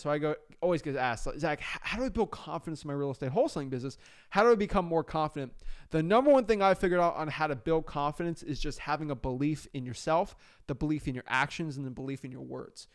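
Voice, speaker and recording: A young man from South Florida talks through a lesson in an energetic, conversational way, full of fillers and quick restarts. His voice sits a little high and comes across smooth and clear. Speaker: real estate wholesaling coach. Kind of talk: casual instructional talk.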